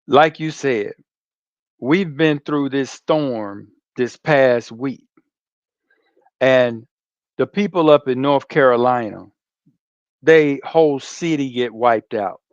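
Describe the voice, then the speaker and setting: A man's voice: medium pitch, slow pace, pauses often, no room sound, dull audio. A man hosting a casual political talk, speaking emphatically and asking pointed questions.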